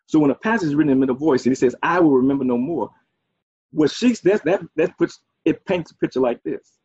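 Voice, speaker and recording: Animated preacher man with a husky voice. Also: on the high side, quick pace, no room sound. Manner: animated preaching with folksy asides and repeated "okay". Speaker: pastor. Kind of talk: sermon. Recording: dull, dry, muffled sound.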